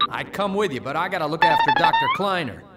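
A man's voice: sits high, wildly swooping pitch, fast talker. An actor voicing a friendly male security guard in a video game, with an easygoing, encouraging manner. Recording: loud game music behind voice.

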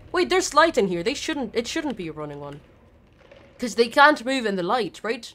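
A woman's voice: fairly high pitch, animated, brisk, a bit bright, a little hiss or hum. A woman streamer giving live gameplay commentary, nervous and chatty, swearing a lot and talking back at the characters on screen. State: nervous and scared.

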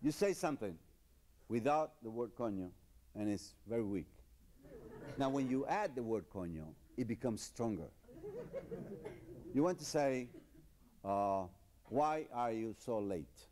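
Man mock-teaching a rowdy comedy lesson. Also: medium pitch. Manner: deadpan teacherly, slow exaggerated pronunciation drills. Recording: noisy live comedy recording.

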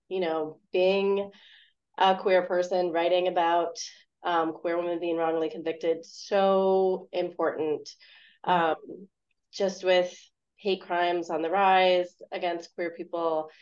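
A woman's voice: fairly low pitch, a little mellow. Earnest woman over dull lo-fi audio. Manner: earnest, hesitant, many fillers. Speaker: award-winning author. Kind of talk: earnest reflective answer on a video call.

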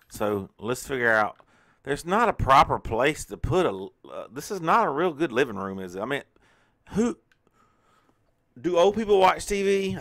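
Here a man of medium pitch and fairly bright tone hosts a relaxed let's play for his gaming channel, chatting away and muttering to himself as he plays.

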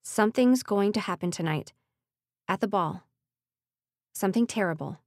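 An earnest young heroine, urgent and determined, speaking in a middle-pitched voice, as a female audiobook reader plays her. The recording is dry and close, with no reverb. It stays close to the narrator's own sound. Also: expressive, moderate pace, lightly acted. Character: young woman heroine, desperate but determined.

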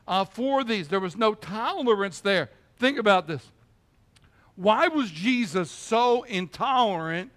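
A man's voice: high-pitched, fairly bright tone. A man preaching a sermon in a church as pastor, emphatic and often checking in with his listeners.

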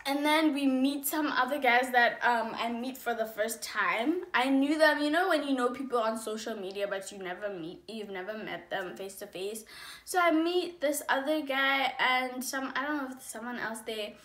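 A young woman tells a story to camera in a high, bright voice that swings between loud outbursts and hushed asides. Her words ring in an echoey room. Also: moderate pace. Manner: animated, acts out dialogue with big swings in loudness. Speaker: vlogger telling a story. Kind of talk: casual storytime.

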